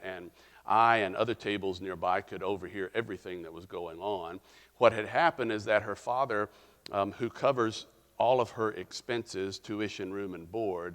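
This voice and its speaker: A middle-aged man preaching a sermon as pastor, telling stories in a reflective way with frequent pauses. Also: lowish voice, a bit bright, long reverb tail.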